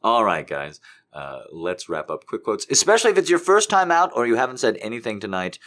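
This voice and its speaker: A man hosts a live stream in a loose, chatty way, joking and poking fun at himself. His voice sits very low but swings up and down a lot as he talks. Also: sing-song, a little fast, a bit bright. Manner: joking, self-mocking, chatty. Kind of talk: casual live stream chat.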